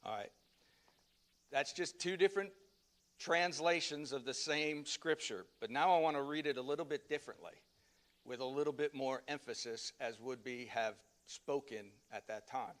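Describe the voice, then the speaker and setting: Man teaching a relaxed church class. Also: medium pitch, normal speed. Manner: conversational, loose, with many fillers and restarts. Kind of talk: casual Sunday class teaching.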